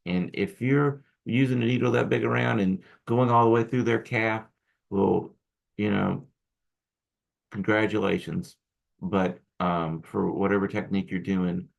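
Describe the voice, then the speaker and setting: In a recorded class, a man who teaches acupuncture rambles informally, breaking off to restart sentences and add asides. He speaks with a gravelly, lowish voice.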